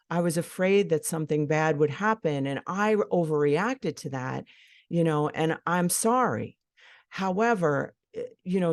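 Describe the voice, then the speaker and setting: A woman's voice: sits low, a little mellow, no echo, clean studio sound. A middle-aged woman hosting a solo podcast, speaking frankly and swearing casually. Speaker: podcast host.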